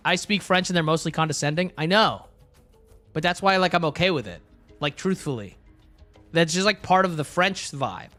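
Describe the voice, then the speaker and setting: Young male streamer, high-pitched, rambling joking chat, faint music under. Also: normal speed, bright, forceful tone. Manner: rambling, joking, answers chat, many fillers.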